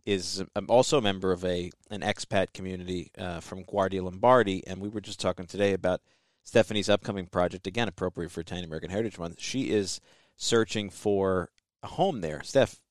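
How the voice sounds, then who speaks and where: A man's voice: low voice, fairly quick, no echo, clean studio sound. A man hosting a podcast, talking in an easygoing, chatty way. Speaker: podcast host. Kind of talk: casual podcast chat.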